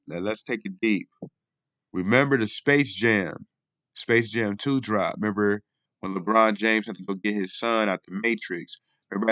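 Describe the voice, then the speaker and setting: Low-voiced man rambling on a vlog. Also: a bit bright, no echo. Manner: rambling, repeats "you know what I mean". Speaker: video host. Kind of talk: casual commentary vlog.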